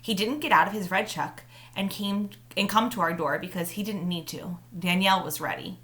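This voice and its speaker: A woman of medium pitch reads aloud to her students at normal speed, narrating a children's book in the first person as a storytelling session. She starts with a friendly, warm hello before moving into a steady reading.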